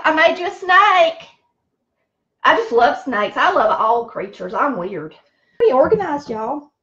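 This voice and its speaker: This cooking show host is a middle-aged Southern American woman, cooking at home and talking casually to viewers she calls "y'all." Her pitch is high and her tone fairly bright, though the recording has its highs cut off.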